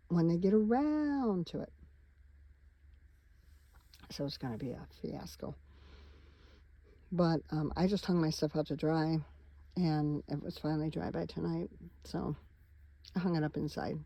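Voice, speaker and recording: Tired, gravelly-voiced woman chatting from her van. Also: fairly low pitch, mellow, no echo, poor audio. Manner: chatty, wandering, talks straight to viewers. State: tired, yawning. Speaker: van life vlogger. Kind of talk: casual rambling vlog chat. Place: inside her parked van at night.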